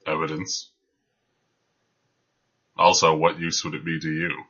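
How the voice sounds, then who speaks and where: Low husky guy running a tabletop game, bright edgy tone, muffled lo-fi audio. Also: monotone, unhurried. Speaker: game master. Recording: dull lo-fi sound.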